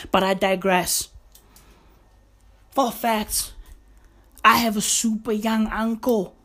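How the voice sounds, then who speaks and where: A woman tells a story for her vlog in a half-whisper and swears as she goes. She takes her time and draws the words out slowly. Her pitch sits in a middle range. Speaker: vlogger. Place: indoors at home, early morning.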